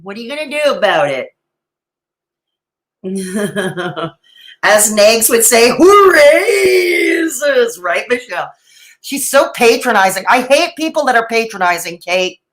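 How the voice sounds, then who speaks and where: A woman's voice: mid-range voice, lively intonation, measured pace, pauses often, fairly bright tone, low-quality recording. A middle-aged woman doing live reaction commentary, sarcastic and mocking, with dramatic asides and laughs. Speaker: reaction streamer.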